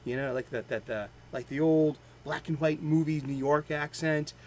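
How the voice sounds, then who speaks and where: A man with a Boston accent talks casually and eagerly, stopping and restarting his thoughts with plenty of fillers. His voice sits a bit high for a man, and there is a faint hum of ambience behind him. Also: fairly even intonation, low-quality recording. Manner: rambling, halting, with many fillers; enthusiastic fan. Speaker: host of a daily comics show. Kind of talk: casual chat.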